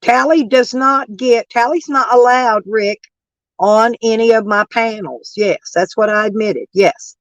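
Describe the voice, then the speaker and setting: A woman's voice: a little high, measured pace, no echo, poor audio. A brash, profane woman hosting a livestream, arguing with her chat while her voice is worn down by allergies. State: voice lowered and rough from allergies. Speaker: livestream host reading chat. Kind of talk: casual livestream rant.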